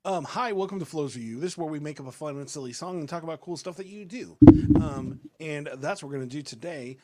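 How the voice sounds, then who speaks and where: A man's voice: a little high, lively intonation, fast, noisy background. A man hosting a casual podcast, rambling loosely through stories with lots of fillers and restarts. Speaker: podcast host and rapper.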